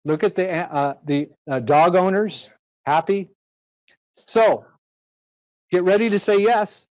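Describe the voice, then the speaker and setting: A man with a voice on the higher side of average delivers a live sales pitch to a roomful of people. He talks persuasively, repeating prices and throwing rhetorical questions out to the crowd for answers. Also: slow pace, darkish tone, muffled recording. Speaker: sales presenter. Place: presentation room with a live audience.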